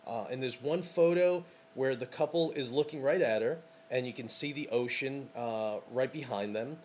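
A man's voice: mid-range voice, normal speed, darkish tone, slight background noise. Rambling enthusiastic man hosting podcast. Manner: rambling and enthusiastic, many fillers. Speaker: podcast host and wedding photographer. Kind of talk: casual podcast monologue.

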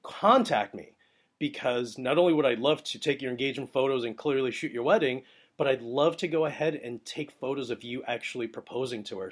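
Man, young adult, wedding photographer host, rambling casual monologue, lots of fillers, excitable bursts, mid-pitched voice. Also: slightly rough.

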